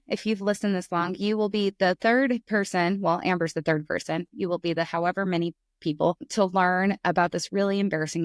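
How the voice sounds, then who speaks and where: A middle-aged woman talks as a podcast guest, telling a personal story with animated energy and acting out the voices in it. Her voice sits at an ordinary pitch. The recording is dry and close, with no room sound. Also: dry recording. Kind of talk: candid storytelling in conversation.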